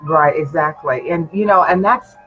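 A man's voice: fairly high pitch, moderate pace. A man, a pastor, preaching encouragement in a prayer session with emphatic affirmations. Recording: dull lo-fi sound with faint music.

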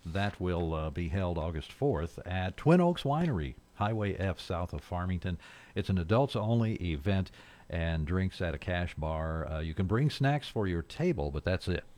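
A man's voice: low voice, expressive, moderate pace, a little mellow. A man hosting a small-town morning radio show, chatting casually and rambling through announcements and jokes. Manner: folksy, rambling, jokes and chuckles. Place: radio studio.

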